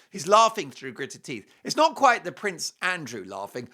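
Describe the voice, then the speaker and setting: A man's voice: a little high, huge pitch swings, moderate pace, hardly any pauses, sharp tone. A man hosting a talk show, giving jokey, emphatic commentary and reading an ad. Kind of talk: opinionated commentary with a read ad.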